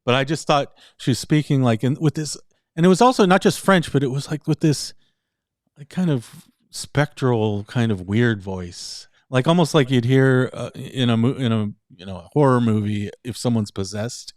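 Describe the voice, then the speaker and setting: A man's voice: mid-range voice, moderate pace, no room sound, clean studio sound. A man in casual chat, telling a story in a rambling way, often laughing and slipping into other voices. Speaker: podcast co-host.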